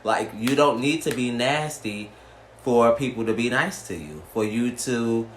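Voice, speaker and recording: A man's voice: medium pitch, unhurried. A man vlogging a storytime, sassy and blunt, swearing freely. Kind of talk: storytime vlog. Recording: roomy echo, faint background noise.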